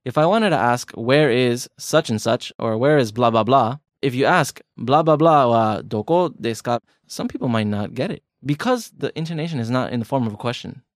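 A man's voice: mid-range voice, expressive, fairly quick, hardly any pauses, no echo, clean studio sound. A man hosting a language lesson podcast, teasing his co-host and stretching words for emphasis. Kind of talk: playful language lesson banter.

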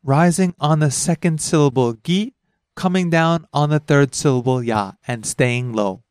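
Male lesson host, relaxed and chatty, dry studio read. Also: moderate pace, clean tone, no echo. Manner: chatty, laughs easily, explains pitch accent. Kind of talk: casual lesson podcast.

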